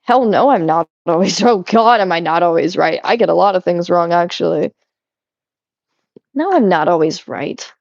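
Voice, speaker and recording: A young woman rambles as she tidies, chatty and quick to cut herself off with a laugh. The sound is dry and a little muffled, like a home setup with a modest mic. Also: fairly low pitch, expressive, vocal fry, darkish tone, no room sound. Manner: rambling, chatty, self-interrupting, laughs often. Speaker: vlogger. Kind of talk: casual chat while cleaning.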